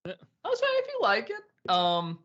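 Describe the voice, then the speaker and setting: A man's voice: high voice, huge pitch swings, moderate pace, sharp tone, lo-fi sound. A man hosting a casual livestream chat, hesitant and full of ums, who laughs easily. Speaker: show host and reviewer.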